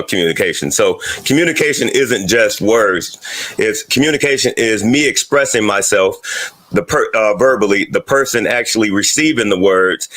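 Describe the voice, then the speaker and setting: A man's voice: fairly low pitch, a bit bright. A man in a casual group discussion, explaining with restarts and little laughs. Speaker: guest.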